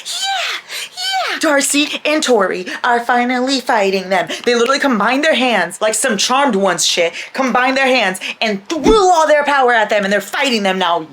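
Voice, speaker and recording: A young adult woman chatting casually in a reading vlog, excitable and gushing, laughing often and swearing freely. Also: on the low side. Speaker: book vlogger.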